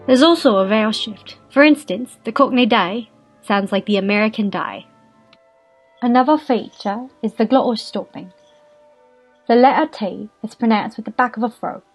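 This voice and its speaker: A young woman presenting a scripted lesson on English accents, reading in a steady explanatory way. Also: mid-range voice. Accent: Irish. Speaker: student presenter.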